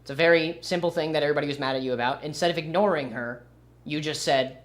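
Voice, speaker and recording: A man's voice: fairly high pitch, fast. A young man streaming and commenting casually, with a rambling, sarcastic manner. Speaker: livestreamer.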